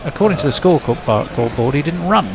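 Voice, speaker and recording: A man's voice: a little high, lively intonation, quick pace, noisy background. A man giving ball-by-ball cricket commentary in a chatty way, checking himself aloud.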